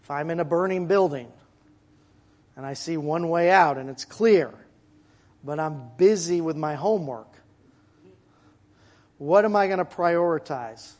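A man preaching a sermon to his congregation in a church, in a conversational way with asides and quick jokes. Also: on the high side, darkish tone. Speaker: pastor. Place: church sanctuary.

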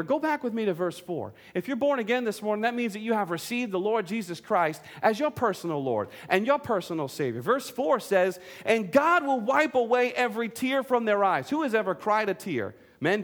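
A man preaching a sermon, earnest and direct, asking the congregation questions and joking in between. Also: high-pitched. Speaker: pastor.

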